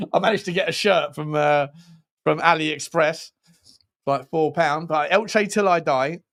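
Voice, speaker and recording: A man hosts a casual football livestream. He talks in a rambling, joking way and keeps restarting his sentences. His voice sits somewhat higher than most men's. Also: slow pace, creaky, pauses often, fairly bright tone. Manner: rambling and jokey, lots of restarts. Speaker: football channel host.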